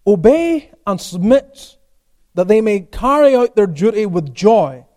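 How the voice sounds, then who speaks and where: A male pastor preaches, asking rhetorical questions and answering them himself, swinging between emphatic peaks and quiet asides. His voice is high-pitched and sing-song, and he speaks a little slowly.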